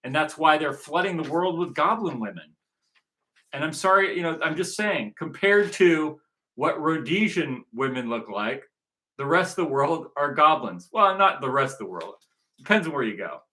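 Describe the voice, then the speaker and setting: A movement organizer from Southern California gives a rambling, repetitive recruitment monologue, circling back to the same points again and again. His voice sits on the high side and sounds animated and sharp, at a normal speed.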